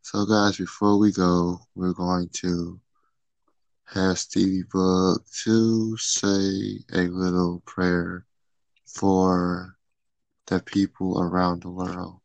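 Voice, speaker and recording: Slow, deep-voiced man with gravelly fry. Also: little pitch movement, darkish tone, no echo, low-quality recording. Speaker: podcast host. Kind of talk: podcast talk.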